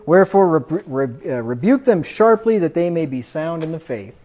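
A man preaching a sermon, quoting scripture emphatically and getting louder on the quotes. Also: fairly high pitch, big pitch swings, moderate pace, hardly any pauses. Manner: emphatic, rises loud when quoting scripture. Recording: dull lo-fi recording.

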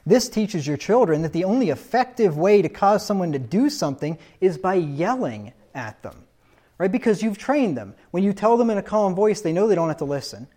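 A man's voice: high-pitched, very animated, normal speed, warm tone. A man preaching a sermon on child discipline, talking emphatically with frequent rhetorical questions and repeated points.

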